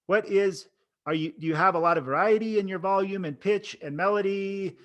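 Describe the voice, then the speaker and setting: Talking quickly, a man with a high, fairly bright voice coaches for oral boards while framed on camera and speaking to it. His delivery is casual, and he acts out expressions and tones of voice to illustrate his points.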